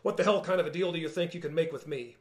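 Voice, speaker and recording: A man's voice: on the high side, rapid-fire, natural voice. A man doing a grumpy scoffing old man. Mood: scornful. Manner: growling, scornful.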